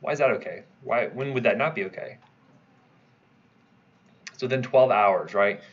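A man's voice: mid-range voice, unhurried, husky, lo-fi sound. A man teaching a pharmacology review class, quizzing students and checking in with "right?" as he goes. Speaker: pharmacology instructor. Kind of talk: review lecture.

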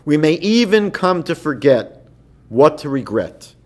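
A man with a somewhat high voice gives a rabbi's evening lecture. He teaches conversationally, moving between stories and passages he reads aloud. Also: big pitch swings, measured pace. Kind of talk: evening lecture in a seminar series.

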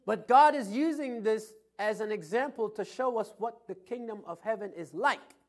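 Male preacher with a high-pitched voice; dynamic sermon delivery, loud peaks and quiet asides. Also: moderate pace. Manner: preaching with swings from loud emphasis to soft asides; tells anecdotes with chuckles. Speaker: pastor.

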